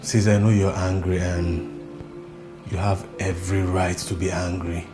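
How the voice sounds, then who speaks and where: An actor with a Nigerian accent playing a torn husband who keeps urging everyone to calm down. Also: male voice, deep voice, a little slow. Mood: pleading. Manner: pleading, placating. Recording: music underneath.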